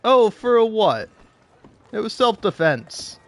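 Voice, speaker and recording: A man's voice: high voice, big pitch swings, takes it slowly. A man giving casual let's-play commentary, joking and laughing often. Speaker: gaming video host.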